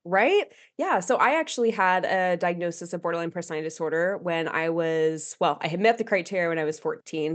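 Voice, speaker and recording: A woman therapist speaks in a slightly low voice, open and candid about her own experience. She talks casually, with plenty of fillers and laughter woven in. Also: expressive, fairly quick, hardly any pauses. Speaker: guest therapist. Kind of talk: casual podcast chat.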